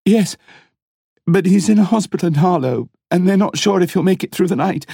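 A man's voice: high-pitched, lively intonation, brisk, gravelly, warm tone, slightly rough, dry recording, studio quality, voice pushed up, full character voice. A man voicing a grieving wife in an audiobook, choked and speaking a few words at a time between sobs. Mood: distraught. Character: grieving woman, a distraught wife breaking down in tears.

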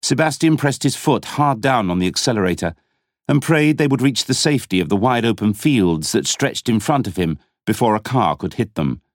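Expressive male audiobook narrator. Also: lowish voice, moderate pace, no room sound, studio quality. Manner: dramatic, expressive reading. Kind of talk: scripted narration.

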